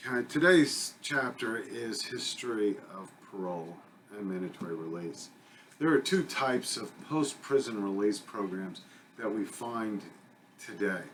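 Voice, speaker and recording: A man with a fairly low voice delivers a recorded lecture to his students. He speaks conversationally, often pausing on fillers and correcting himself mid-sentence. A faint background hum runs under the recording. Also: expressive, a bit bright. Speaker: college criminal justice instructor.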